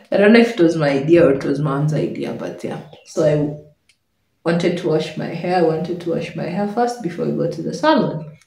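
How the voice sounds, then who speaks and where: A young woman vlogger telling a personal story in an animated way, laughing often as she goes. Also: sits low, recorded from a distance. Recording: echoey room.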